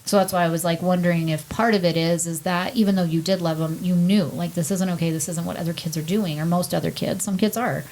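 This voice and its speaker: A woman's voice: fairly low pitch, steady tone, quick pace, hardly any pauses, a little mellow, rough recording. A woman co-hosting a podcast, frankly talking through ideas at length in a casual chat. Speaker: podcast co-host.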